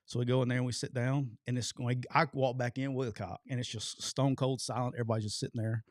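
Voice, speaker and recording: Casting: man, podcast co-host, mid-pitched, loose animated storyteller who laughs a lot and belts out quoted lines, dry close mic. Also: fast, no room sound. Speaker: podcast co-host, former football coach. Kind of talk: casual storytelling chat.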